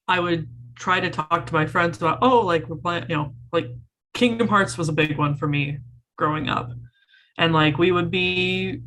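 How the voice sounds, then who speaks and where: A woman's voice: low voice, a bit bright, slight background noise. A young woman speaking as a panelist on a video call, casual and chatty with frequent "like".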